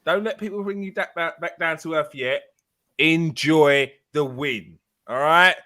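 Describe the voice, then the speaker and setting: A man hosting a live fan show, chatty, excitable and teasing as he greets guests and reads comments. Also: on the high side, a little slow. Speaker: host. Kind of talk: casual live show chat.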